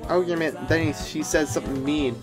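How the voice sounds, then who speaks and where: A man's voice: fairly high pitch, fairly even intonation, a little fast, over music. A man giving sarcastic video commentary, rambling with frequent restarts and asides. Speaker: commentary youtuber.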